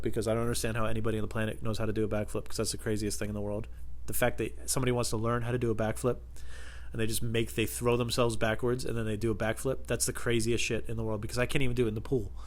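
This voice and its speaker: A man's voice: mid-range voice, flat delivery, quick pace. A man hosting a solo podcast, telling rambling, profane comic stories from home. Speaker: podcast host. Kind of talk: solo comedic storytelling podcast.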